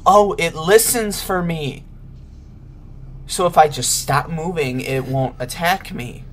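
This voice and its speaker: A man's voice: fairly high pitch, slow, pauses often, a little hiss or hum. A man giving nervous let's-play commentary on a horror game, often murmuring reassurances to his viewers. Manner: jittery, whispers reassurances to viewers. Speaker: gaming YouTuber.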